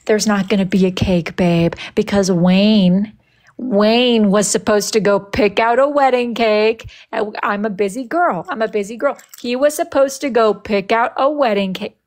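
A woman's voice: medium pitch, measured pace, a little mellow. A young woman hosting a casual livestream, reading viewer comments aloud in a sassy, dramatic, playful way. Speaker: livestream host.

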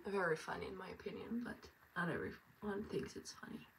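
Young woman vlogger, unhurried self-amused rambling, gravelly fry, recorded from across the room. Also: lowish voice, whispered. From France and Norway. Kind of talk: get-ready-with-me chat. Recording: distant mic with faint ambience.

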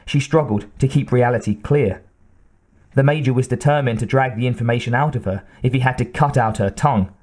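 Male audiobook narrator, middle pitch, steady even reading. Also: fairly quick. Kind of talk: scripted narration.

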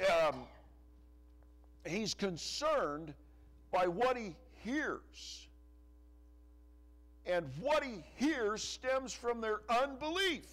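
A male pastor preaching a sermon in church, pressing hard on some phrases and letting others drop low and soft. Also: sing-song, drawn-out words, pauses often. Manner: preaching with rising emphasis and soft, dropping asides. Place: church sanctuary.

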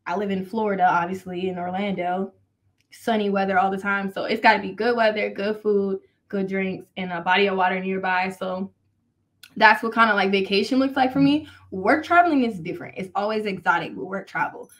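A woman's voice: mid-range voice, steady tone, brisk, fairly bright tone. A woman from the Southern US, a wrestler guest on a podcast, chatting casually with slang and frequent laughter. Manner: playful, slangy, laughs often.

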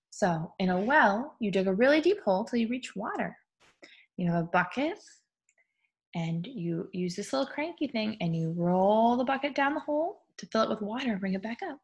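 A woman's voice: medium pitch, husky. A young woman, a preschool teacher, leads an online group time for small children, gasping in delight and drawing out animal sounds.

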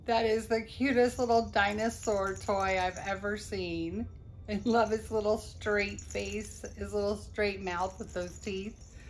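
A woman gushing over tiny baby items as she unboxes a package, with drawn-out coos and soft exclamations. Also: mid-range voice, slight background noise. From United States. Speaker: vlogger unboxing a reborn doll. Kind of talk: excited unboxing chat.

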